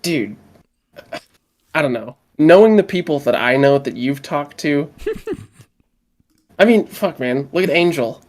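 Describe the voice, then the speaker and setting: A man's voice: fairly high pitch, lively intonation, takes it slowly, long pauses, a little mellow. A man co-hosting a podcast, chatting casually in a laid-back, joking way with frequent swearing. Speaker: podcast co-host. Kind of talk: casual chat.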